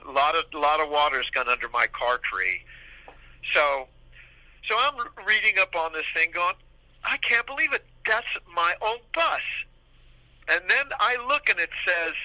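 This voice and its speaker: A man's voice: on the high side, no echo, poor audio. A man in his sixties, a podcast guest telling rambling anecdotes and acting out the people he quotes. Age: 60s. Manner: rambling, animated, acts out quoted dialogue. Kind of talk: casual anecdotal storytelling.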